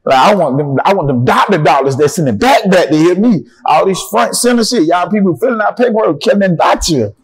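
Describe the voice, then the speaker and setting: Animated young man from Atlanta. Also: high-pitched, fairly quick, hardly any pauses, slightly rough. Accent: Atlanta Southern. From Atlanta, Georgia. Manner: animated, profane storytelling with acted-out dialogue. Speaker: interview guest. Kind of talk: casual storytelling interview.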